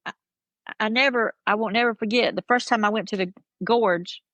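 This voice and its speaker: A woman with a strong Southern accent from South Carolina chats as a podcast guest. She tells her stories in an animated way and voices the people in them. The sound is dry and close. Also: a little high, normal speed, no echo, lo-fi sound. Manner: animated storyteller, acts out quotes. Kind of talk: casual storytelling chat.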